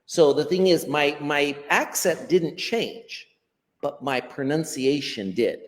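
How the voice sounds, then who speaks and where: An American man, a language educator, explaining pronunciation in an interview in a lively teacherly way. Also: on the high side, slow pace, in a large hall. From United States. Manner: animated teacherly explaining, acts out quotes. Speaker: ESL educator, guest.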